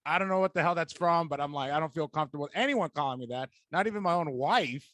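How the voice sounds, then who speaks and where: A young man hosting a podcast in casual chat, animated and laughing often, telling stories with quoted voices. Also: fairly high pitch, quick pace, no echo. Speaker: podcast host.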